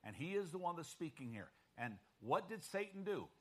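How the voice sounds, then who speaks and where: A man's voice: on the high side, sing-song, moderate pace, slightly rough. A man preaching a sermon emphatically and often checking in with his listeners.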